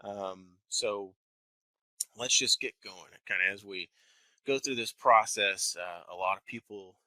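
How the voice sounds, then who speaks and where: Man, 30s, faint Texan twang, low-pitched, piercing bright tone, careful enunciation, webinar host. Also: measured pace, dry recording, rough recording. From Texas. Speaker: wealth manager hosting a webinar. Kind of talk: live webinar presentation. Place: office building.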